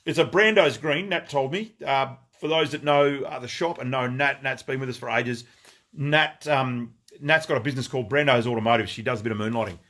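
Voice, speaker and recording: A man's voice: mid-range voice, brisk, a bit bright. Rambling Australian man on a livestream. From Western Australia. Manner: rambling, greets viewers by name, lots of fillers. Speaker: shop owner hosting a livestream. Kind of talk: casual livestream chat.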